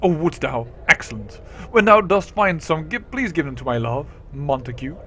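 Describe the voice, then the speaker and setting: A man's voice: on the high side, big pitch swings, normal speed, sharp tone, slight background noise. A man voicing a bored, dramatic young noblewoman from a role-playing game, using an old-fashioned put-on British English accent and archaic speech. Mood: eager. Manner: archaic theatrical speech, languid and drawn out.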